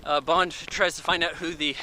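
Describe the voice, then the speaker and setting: A man's voice: fairly high pitch, steady tone, normal speed, sharp tone, slight background noise, poor audio. A man giving a casual, rambling spoken film review in an offhand way. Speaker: movie reviewer.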